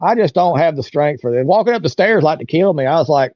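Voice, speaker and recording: Man, 40s, interview guest, storytelling, acts out quotes, fairly high voice, dry room. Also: animated, quick pace, no room sound. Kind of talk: casual storytelling. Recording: dull dry lo-fi sound.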